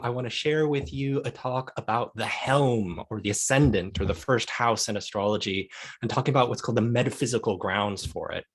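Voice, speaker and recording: Man giving an academic talk over a video call. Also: mid-range voice. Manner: thoughtful, explanatory, with fillers. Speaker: guest lecturer. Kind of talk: academic lecture.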